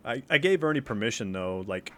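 Male podcast co-host, animated and defensive, casual banter, middle pitch. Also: brisk. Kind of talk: casual chat.

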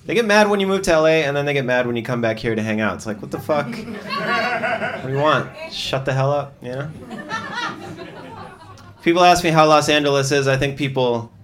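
A man's voice: mid-range voice, brisk, pauses often, a bit bright, some chatter behind. A man from South Dakota doing a stand-up set, griping in a loose, conversational way. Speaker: stand-up comedian. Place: comedy club.

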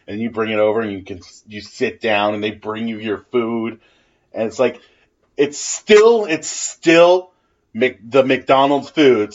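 A man co-hosting a casual comedy podcast, sarcastic and wry, laughing often. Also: lowish voice. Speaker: podcast co-host. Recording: dull lo-fi podcast audio.

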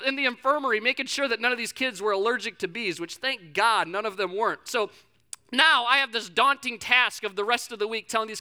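Young male pastor, high and very bright voice, lively storyteller, casual fillers. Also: a little fast, smooth. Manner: animated storytelling, acts out quotes, frequent fillers and restarts. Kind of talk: sermon with a personal story.

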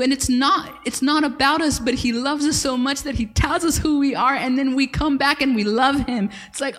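A woman's voice: high voice, moderate pace, hardly any pauses, fairly bright tone, in a large hall. A woman pastor delivering a sermon at a church service, earnest and emphatic with repeated phrases.

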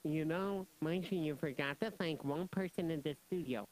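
Co-host, medium pitch, playful, naive questions, teasing. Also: normal speed, a little mellow, rough recording.

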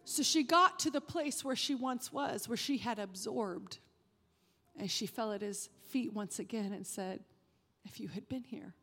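A woman preacher delivering a sermon, emphatic, rising when animated and dropping soft to stress a point. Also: on the high side, unhurried. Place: church sanctuary. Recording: reverberant hall with faint music.

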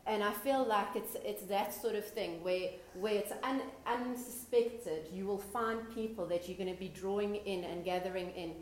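A woman's voice: mid-range voice, moderate pace, few pauses. A woman speaking to a church gathering, hesitant and restarting her phrases as she shares a word. The room around her rings with echo, and a faint hum sits beneath her voice. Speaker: church member sharing a word. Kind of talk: sharing a prophetic word. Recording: echoey church hall.

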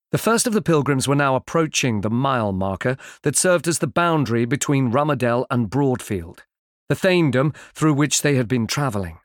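Man, audiobook narrator, measured, clear diction, mid pitch, dry close studio mic. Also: expressive, no echo. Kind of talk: scripted fantasy narration.

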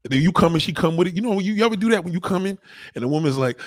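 A man's voice: high-pitched, lively intonation, rapid-fire, no room sound. A man talking in a casual, blunt and crude rant, often repeating himself for emphasis. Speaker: monologue speaker.

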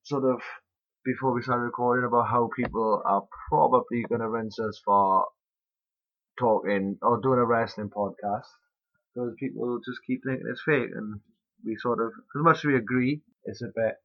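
A man's voice: mid-range voice, steady tone, normal speed. A young man hosting a casual podcast chat, rambling loosely and swearing offhand. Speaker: podcast host. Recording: muffled lo-fi podcast audio.

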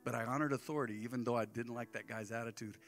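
A man's voice: medium pitch, rapid-fire, soft background music. A middle-aged man, preaching a sermon as a pastor and acting out the people in his stories. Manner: animated storytelling, acting out the people he quotes.

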